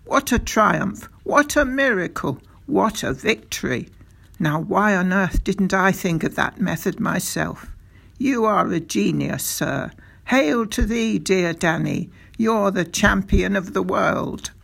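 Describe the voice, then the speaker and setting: A reader voicing a tiny, excitable old country doctor, raising the voice high and stretching out the exclamations. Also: vocal fry, husky, exaggerated voice. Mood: excited. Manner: high, gushing and slowly drawn out.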